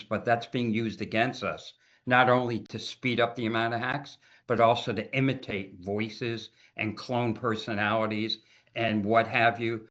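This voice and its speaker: A man with a lowish voice appears as a cybersecurity consultant guest in a casual interview. He talks in an animated, emphatic way and often repeats words, and the lo-fi audio sounds dull.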